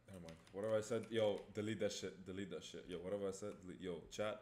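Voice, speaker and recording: A young man chatting loosely with his stream chat in a low, mellow voice, often repeating himself and swearing offhand. The room sounds roomy, with faint noise and keyboard clicks in the background. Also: fairly even intonation, fast. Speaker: livestreamer. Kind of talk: casual live-stream chat.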